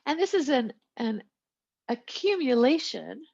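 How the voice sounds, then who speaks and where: A woman's voice: high voice, big pitch swings, measured pace, gravelly, a little mellow, breathy edge. A woman teaching a biology lecture in a chatty style, with asides and small jokes. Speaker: biology instructor. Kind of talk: recorded lecture. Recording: lo-fi, muffled recording.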